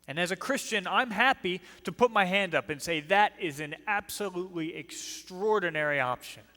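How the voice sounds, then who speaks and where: A man's voice: high voice, expressive, moderate pace, pushed and bright. A man with a New Jersey accent giving an emphatic apologetics talk in a church, putting rhetorical questions to the audience. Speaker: speaker. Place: church hall. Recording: long reverb of a church hall.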